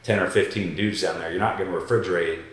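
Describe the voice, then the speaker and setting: Deep-voiced man telling a story in an echoey room. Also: quick pace. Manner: animated, acts out quotes, swears freely. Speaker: podcast guest. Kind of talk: casual storytelling.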